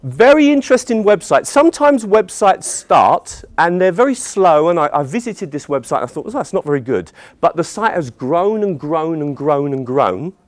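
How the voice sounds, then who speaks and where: A British man speaking at a conference for teachers, walking them through websites with real enthusiasm. His voice sits fairly high and swoops up and down in lively turns. The sound is dry and close, with almost no room around it. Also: normal speed, few pauses, dry recording. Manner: enthusiastic, demonstrating websites on screen. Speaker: teacher trainer. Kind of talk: conference presentation.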